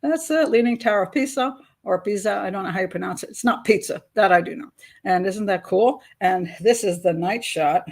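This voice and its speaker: A woman's voice: mid-range voice, brisk. An older woman hosting a live stream, chatting casually and rambling with frequent laughs. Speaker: host.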